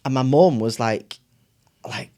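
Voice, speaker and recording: A man, a podcast guest telling a story in casual chat, animated, acting out his family's voices and laughing often. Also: mid-range voice, a little fast.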